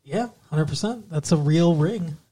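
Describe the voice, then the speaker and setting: A man's voice: a little high, measured pace, mellow. Podcast co-host, male, casual, jokey and teasing. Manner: joking, teasing, puts on silly accents. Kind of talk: casual chat.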